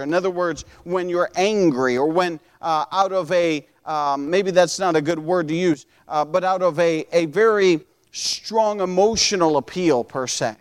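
High-voiced earnest preacher man. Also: lively intonation, smooth. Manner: earnest, conversational preaching with many restarts; slows and lifts voice when quoting scripture. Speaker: pastor. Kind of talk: sermon.

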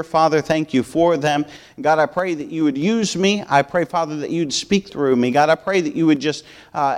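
Man leading a church Bible lesson. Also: on the high side. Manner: slow, measured scripture reading. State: out of breath. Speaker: Sunday school teacher.

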